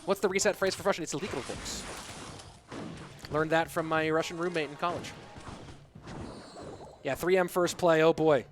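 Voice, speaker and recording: A man's voice: a little high, fairly even intonation, normal speed, pauses often, soft background music. A man commenting a live game tournament, playful and joking with the chat as he calls the plays. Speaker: esports commentator.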